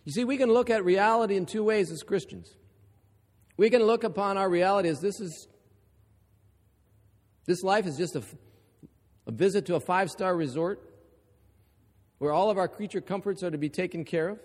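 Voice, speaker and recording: Guy preaching, really high voice, pounds home his points, big hall echo ringing long. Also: normal speed, pauses often. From Ohio. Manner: emphatic, builds to forceful repetition. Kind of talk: sermon.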